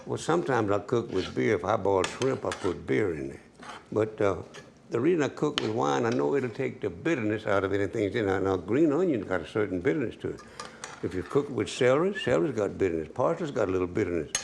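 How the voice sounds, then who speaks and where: Deep gravelly folksy country cook. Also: male voice, animated, fast, slight background noise. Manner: folksy, chatty, talks straight to the viewer. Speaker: home cook. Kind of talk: cooking demonstration.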